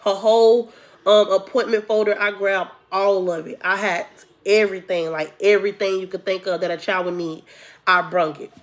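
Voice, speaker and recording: A young woman recounts a personal story in a relaxed, conversational way. She talks straight to her viewers, calls them y'all, and acts out what people said along the way. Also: mid-range voice, normal speed. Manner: chatty, addresses viewers as y'all, acts out quotes. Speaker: storytime vlogger. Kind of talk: casual storytelling to camera.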